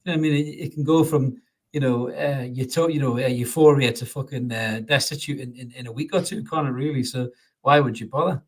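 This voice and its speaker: A man's voice: medium pitch, fairly even intonation, a little fast. A man hosting a casual football podcast. He is chatty and sweary, laughs often and restarts his sentences a lot. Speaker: podcast host. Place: home studio, podcast.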